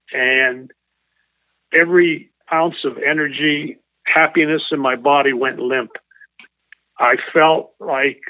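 A man's voice: mid-range voice, no echo. Older guy telling his story, earnest, stumbles and repeats, tinny phone sound, dry. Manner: earnest, halting, repeats himself. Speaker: interview guest, former baseball coach. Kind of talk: emotional storytelling.

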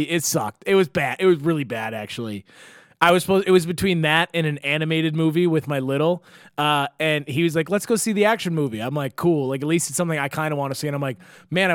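Young dude podcast cohost, kinda high voice, rambly storyteller, laughs a lot. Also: male voice, smooth, dry recording, clean studio sound. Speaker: podcast co-host. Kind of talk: casual chat.

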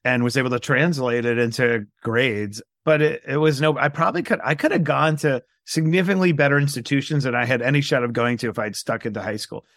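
Brief: gravelly, dry-miked man in his forties from New York, animated storyteller in an interview. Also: medium pitch, fairly quick, hardly any pauses, no room sound. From New York, USA. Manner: animated, acts out quoted dialogue. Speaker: guest entrepreneur.

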